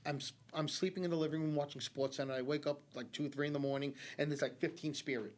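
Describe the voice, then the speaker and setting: A middle-aged man, a guest psychic medium, tells stories in a studio interview in a casual, animated way, dropping in lots of "like" and "okay?". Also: fairly high pitch, quick pace. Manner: animated storyteller, many fillers like 'like' and 'okay?'. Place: community TV studio.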